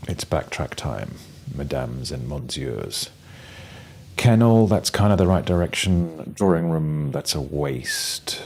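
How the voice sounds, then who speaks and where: A British man streams a game and chats casually despite a cold that has him coughing and sneezing. His deep, slightly mellow voice moves unhurriedly with few pauses, and his wry, playful remarks come with many ums and restarts.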